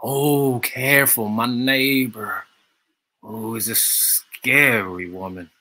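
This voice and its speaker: Man voicing a virtual art workshop live, slow and playful, bright tone, big pitch swings, short exclaimed phrases. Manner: animated, short exclamations and playful voiced reactions. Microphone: video call.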